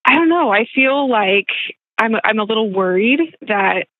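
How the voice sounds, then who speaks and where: A woman's voice: on the high side, lively intonation, unhurried. A woman calling in for advice, speaking hesitantly and restarting her sentences. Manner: hesitant, many fillers and restarts. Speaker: caller. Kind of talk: phone-in conversation. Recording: tinny phone line.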